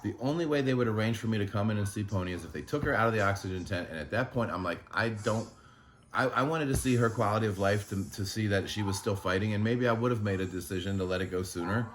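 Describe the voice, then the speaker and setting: A low-voiced man talks quickly in an emotional vlog, stumbling over restarts and swearing in frustration. Faint room ambience hums behind him. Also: a little hiss or hum. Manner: halting, frustrated, swears often. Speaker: animal sanctuary owner.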